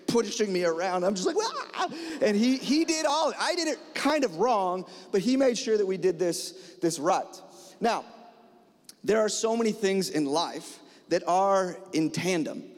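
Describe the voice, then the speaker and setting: High-voiced man preaching in a reverberant hall. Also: normal speed. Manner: animated storytelling, acts out dialogue, fillers. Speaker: pastor. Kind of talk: sermon with a personal story.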